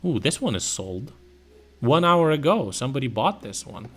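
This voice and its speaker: A man's voice: medium pitch, sing-song, moderate pace, a bit bright, husky. A man casually thinking aloud as a streamer, slangy and profane, with sudden exclamations. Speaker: streamer browsing car listings. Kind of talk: casual live commentary.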